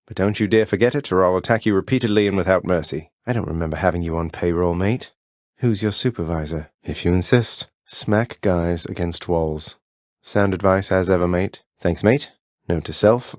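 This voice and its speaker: An actor voicing a young underworld prince in a video game, polite and earnest with elders, cheeky and wry with friends. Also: male voice, sits low, darkish tone, no room sound, studio quality, natural voice.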